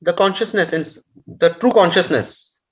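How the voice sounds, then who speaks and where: A man taking part in a video call, giving a measured, step-by-step explanation. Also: high-pitched, breathy edge, poor audio. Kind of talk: answering a question.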